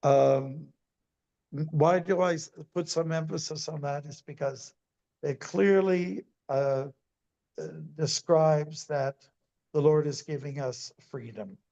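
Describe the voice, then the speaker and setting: Gravelly-voiced man giving a temple sermon. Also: a little high, warm tone, dull audio. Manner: deliberate, with emphatic repetition. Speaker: monk giving a scripture class.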